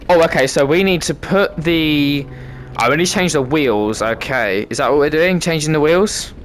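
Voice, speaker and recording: A man's voice: a little high, moderate pace, a little hiss or hum. A British man giving cheeky, sweary commentary while playing a VR game. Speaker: gamer content creator. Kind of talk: casual gameplay commentary.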